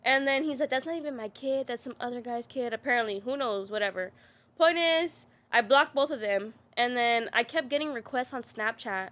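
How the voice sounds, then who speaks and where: Young woman spilling a story, kinda high voice, says like a ton, swears. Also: moderate pace, a bit bright. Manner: storytelling, heavy use of "like", swearing. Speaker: podcast guest. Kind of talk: casual chat.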